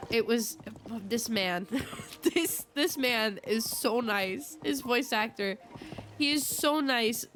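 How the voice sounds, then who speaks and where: A woman's voice: mid-range voice, a bit bright. A young woman streaming a video game, chatting casually and telling a rambling, giggly story. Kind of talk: casual live-stream chat.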